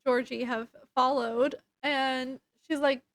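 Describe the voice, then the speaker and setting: A woman's voice: high voice, fairly even intonation, takes it slowly. A woman casually recapping a book's plot for her review channel, rambling with fillers and self-corrections. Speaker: book reviewer. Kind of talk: casual book review vlog.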